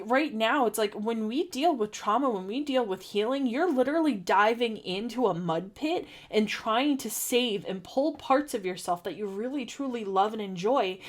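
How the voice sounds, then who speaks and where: A young adult woman giving a tarot reading, talking earnestly and encouragingly with many restarts and fillers. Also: medium pitch. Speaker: tarot reader.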